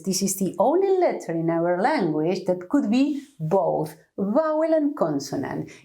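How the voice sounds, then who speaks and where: Woman teacher, slow careful sound demos, pitch jumps all over. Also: mellow. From Argentina. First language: Spanish. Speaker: Spanish teacher. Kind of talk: pronunciation lesson.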